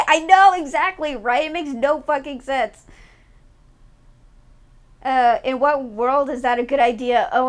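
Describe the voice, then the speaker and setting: A young woman streaming, chatting casually with her viewers, ranting loudly and swearing a lot. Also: high voice. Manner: swears a lot, ranty and animated. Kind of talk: casual chat with live chat.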